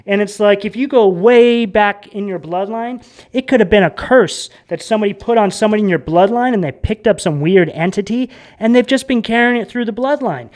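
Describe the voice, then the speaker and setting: A man's voice: sits high, a little fast, darkish tone. A man giving a casual tarot reading in a rambling, emphatic way that gets worked up. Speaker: tarot reader.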